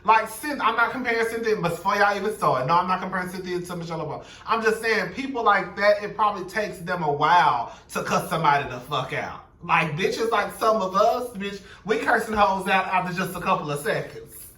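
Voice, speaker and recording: A man's voice: high-pitched, fairly quick, few pauses, bright, forceful tone, roomy sound, distant mic. A young man giving a sassy, blunt, profane recap of a reality TV episode, gossiping and quoting the cast. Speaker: show recap commentator.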